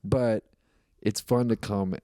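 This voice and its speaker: A man's voice: lowish voice, fairly even intonation, slow pace, dark tone, no room sound, clean studio sound. A man, a comedian guest on a podcast, telling stories in a rambling, reflective way with lots of fillers. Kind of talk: casual podcast chat.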